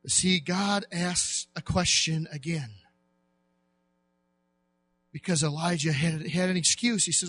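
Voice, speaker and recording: A male pastor preaching a sermon with impassioned shouts and cries. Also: on the high side, slow pace, long pauses, breathy edge.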